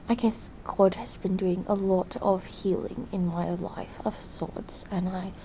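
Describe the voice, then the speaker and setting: A young woman playing an earnest, lonely diarist in a video diary, speaking hesitantly and softly, often slipping into whispers. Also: on the low side, fairly even intonation, slow pace, slight background noise, poor audio. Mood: confiding. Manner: hesitant and soft-spoken, drifting into whispers. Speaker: diary vlogger character. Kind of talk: in-character diary vlog.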